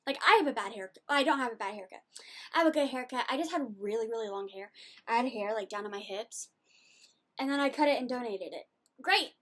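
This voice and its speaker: High-pitched teen girl venting in her video diary, fired up and talky. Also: fast talker. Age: late teens. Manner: animated, indignant ranting with quoted retorts. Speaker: video journal vlogger. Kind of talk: casual ranting vlog.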